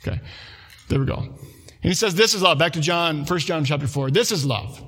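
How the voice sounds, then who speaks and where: A pastor preaching a conversational sermon, telling a family story with acted-out quotes. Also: male voice, a little high, normal speed, fairly bright tone, husky.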